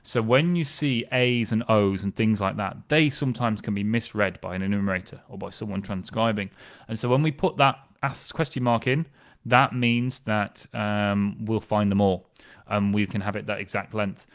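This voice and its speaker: A man's voice: on the low side, fairly even intonation, normal speed. A man working as a family history specialist, explaining census records in a conversational, enthusiastic way. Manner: conversational, with fillers and restarts, enthusiastic. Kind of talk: explanatory talk on genealogy records.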